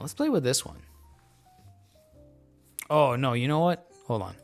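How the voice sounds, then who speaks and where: A man hosts a relaxed live stream and explains things at an unhurried, meandering pace. He fills his sentences with ums and jokes along, slightly tipsy. Soft music plays faintly behind his voice. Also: medium pitch, gravelly. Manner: slow, rambling, many fillers; relaxed, joking. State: a bit tipsy from beer. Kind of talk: casual live-stream chat.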